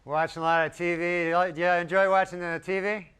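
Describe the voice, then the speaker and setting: A man doing a stand-up comedy set, talking in a drawling, deadpan way with rambling asides. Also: high voice, fast. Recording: live club set with loud crowd and noise. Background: audience laughter.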